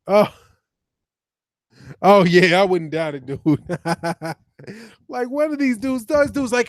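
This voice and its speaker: A high-voiced man hosts a casual livestream, reading comments aloud and firing back at them. He is animated and profane and laughs often. The sound is dry and close to the mic. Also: slow pace, long pauses, no echo. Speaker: boxing channel host.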